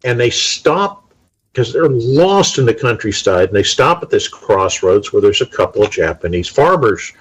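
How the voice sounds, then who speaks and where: A middle-aged man in casual conversation, telling stories in a measured, unhurried way. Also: medium pitch, very animated, husky, poor audio. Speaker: talk show participant. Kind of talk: casual chat.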